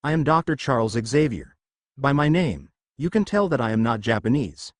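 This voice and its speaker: A man voicing a calm, soothing middle-aged male doctor with a confident, measured manner in a storybook reading. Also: medium pitch, no echo, clean studio sound, natural voice.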